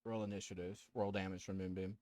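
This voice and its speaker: Low-voiced man running a tabletop game. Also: level tone, fast, warm tone. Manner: plays a reluctant king in brief asides. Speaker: dungeon master. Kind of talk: narrating a tabletop game online.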